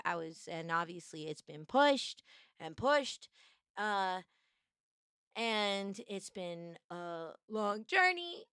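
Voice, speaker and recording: A young woman streaming casual chat, bubbly and playfully teasing, jumping up high to greet viewers. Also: fairly bright tone, clear, resonant tone, no room sound, clean studio sound. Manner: bubbly, greets chatters with high-pitched squeals.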